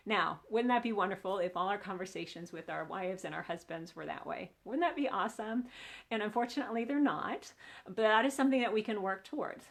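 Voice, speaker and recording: A woman's voice: mid-range voice, a little fast, creaky. A woman relationship coach giving an earnest teaching talk, explaining and asking her audience questions.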